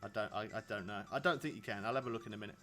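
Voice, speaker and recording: With soft music in the background, a man from England in his thirties races through casual chat while streaming a fishing game. His voice is on the low side, pushed and bright, and he rambles, chats and laughs often with viewers.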